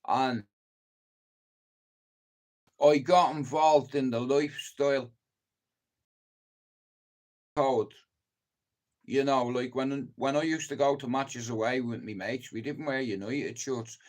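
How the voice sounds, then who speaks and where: Man, middle-aged, from Ireland, livestream host, slow talker, rambling storyteller, swears. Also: mid-range voice, fairly even intonation. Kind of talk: casual livestream chat.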